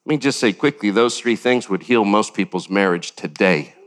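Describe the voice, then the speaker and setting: An older man preaching a sermon as pastor, animated, with sudden jumps up in pitch and acted-out quotes. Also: moderate pace.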